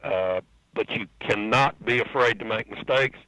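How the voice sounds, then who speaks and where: A man's voice: lowish voice, a little slow, bright, forceful tone, poor audio. A man in his seventies, a guest engine builder on a podcast interview, talking in a plainspoken, folksy storytelling way. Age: 70s.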